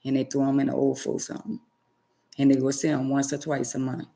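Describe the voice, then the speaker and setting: This vlogger has a gravelly, mellow bass voice that moves little in pitch and runs fairly quick. She delivers a preachy direct-to-camera talk, scolding viewers emphatically and repeating phrases for effect.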